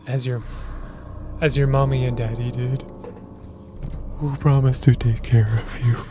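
A man voicing a sinister, manipulative shadow double in a video game, low and softly coaxing. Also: little pitch movement, unhurried, background noise, close to an everyday voice.

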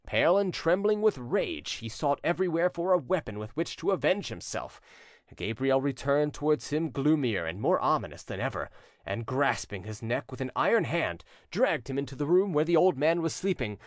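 Man reading a classic audiobook, lively swoopy delivery, dry close sound. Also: mid-range voice, normal speed, no room sound. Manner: dramatic, expressive reading. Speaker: audiobook narrator. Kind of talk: scripted narration.

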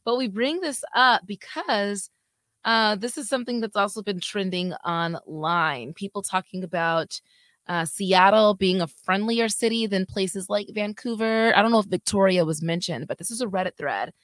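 A woman's voice: mid-range voice, moderate pace, dry recording. A woman news anchor co-hosting a casual chat, talking freely and laughing easily.

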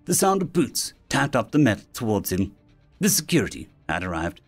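A man narrating a science-fiction story in an expressive storytelling manner. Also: fairly low pitch, a little fast, soft background music. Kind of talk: scripted sci-fi story narration.

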